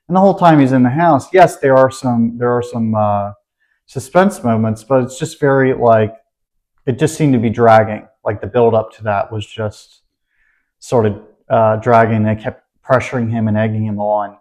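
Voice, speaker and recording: A man's voice: medium pitch, a little slow, darkish tone. A man chatting casually as a podcast co-host, easygoing and brief in his replies. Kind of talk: casual chat.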